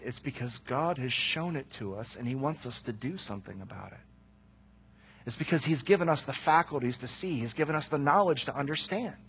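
A man's voice: fairly high pitch, a bit bright, slightly rough. A man preaching a sermon, telling a self-mocking personal story that builds to passionate emphasis.

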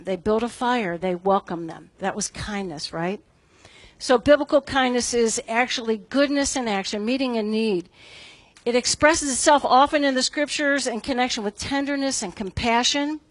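A middle-aged woman gives a casual devotional talk at a Bible study, her fairly high voice at a moderate pace with no room sound. She's conversational and self-deprecating and keeps checking in with "right?".

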